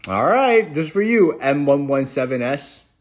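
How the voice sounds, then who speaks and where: Young man, live-stream host, playful rambling chat, slightly higher voice, joking replies to comments. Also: sing-song, moderate pace, a little hiss or hum. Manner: playful, jokey, rambling with restarts and sudden mock-sad drops.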